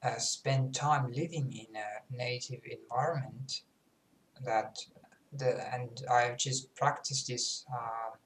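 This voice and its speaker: A young Finnish man, a native Finnish speaker, carefully works at a British RP accent in an unhurried, halting delivery. He sounds self-conscious and pauses often as he chats casually for a vlog. The room is echoey and has a faint hum of background noise. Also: medium pitch, fairly even intonation. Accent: Finnish speaker attempting British RP. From Finland. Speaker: language student.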